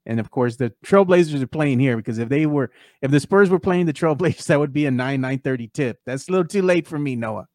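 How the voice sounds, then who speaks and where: A man hosting a laid-back sports talk show, chatting in a loose, filler-heavy way. His voice sits at an ordinary male pitch. The sound is dry and close, with no room around it. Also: expressive, fast, few pauses, darkish tone, dry recording. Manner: conversational, many fillers, reads fan posts aloud. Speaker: podcast host.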